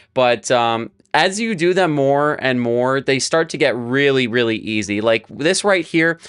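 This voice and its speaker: A man's voice: medium pitch, fairly bright tone, clear, resonant tone. A young man teaching a live Spanish lesson, explaining verb forms step by step while writing on a board. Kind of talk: live-streamed language lesson.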